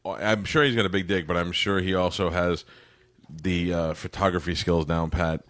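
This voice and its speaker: Deep-voiced man rambling on a podcast. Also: steady tone, fairly bright tone, dry recording. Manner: rambling, bawdy, with many restarts and drawn-out asides. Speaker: podcast host, comedian. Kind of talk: casual podcast chat.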